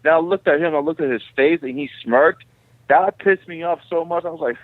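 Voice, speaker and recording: A man who is a guest fighter, telling stories in an animated, profane, casual way. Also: on the high side, a little fast, no room sound. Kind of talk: casual interview. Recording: tinny phone line.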